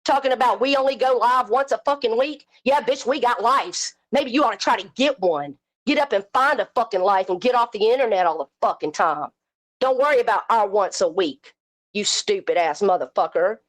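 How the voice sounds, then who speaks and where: A woman's voice: on the high side, normal speed. Furious woman ranting. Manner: confrontational, cursing, taunting. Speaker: live stream host. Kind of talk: angry profane rant.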